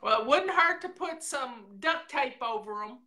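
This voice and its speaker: A woman's voice: sits high, lively intonation, moderate pace, bright, forceful tone. A woman hosting a casual livestream, chatting in a folksy, rambling way straight to her viewers. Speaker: show host.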